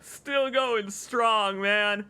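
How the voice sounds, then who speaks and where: A man streaming a video game, commenting excitedly and emotionally, gushing and laughing often. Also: high voice, extremely slow, clean tone. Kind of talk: let's play commentary.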